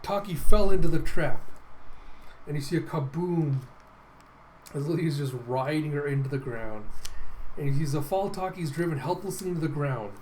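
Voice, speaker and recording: A man hosting a casual comic readthrough, excitable and enthusiastic, laughing often. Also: fairly high pitch, a little fast, a little hiss or hum, poor audio. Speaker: host.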